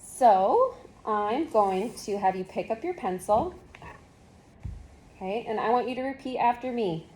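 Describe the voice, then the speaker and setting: A woman tutoring one-on-one in phonics, giving patient step-by-step prompts and steady encouragement. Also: fairly high pitch, unhurried, pauses often. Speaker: reading tutor.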